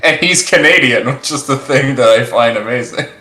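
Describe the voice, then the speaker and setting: A man's voice: mid-range voice, normal speed. A man co-hosting a casual stream, talking in rambling, jokey stretches full of restarts. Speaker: stream co-host. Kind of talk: casual chat. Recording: echoey room with faint music.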